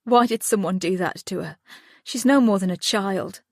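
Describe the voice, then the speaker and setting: A woman's voice: mid-range voice, moderate pace, a little mellow, dry recording, clean studio sound, lightly acted. A woman voicing a grieving mother who is angry and accusing in an audiobook, speaking with raised urgency. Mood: anguished.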